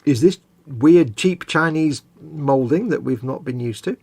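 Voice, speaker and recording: A man's voice: on the high side, unhurried, vocal fry, darkish tone, husky, no room sound. A man co-hosting a hobby live stream, chatting casually and rambling, often trailing off mid-thought. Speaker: co-host of a model-building live stream. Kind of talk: casual chat.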